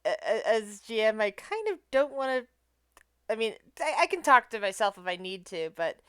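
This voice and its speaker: A woman game master explains the rules and narrates the table's scenes in a smooth, clear voice. She hesitates often and restarts her sentences. The sound is dry and close. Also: fairly high pitch, very animated, normal speed, dry recording. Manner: hesitant, full of fillers and restarts.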